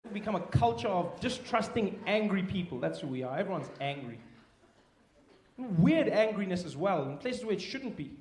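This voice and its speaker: A man from Africa doing a stand-up comedy set, animated, acting out characters in funny voices and sometimes breaking into shouts. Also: moderate pace. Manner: animated, acts out high-pitched characters, bursts into shouting. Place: comedy stage before a laughing audience.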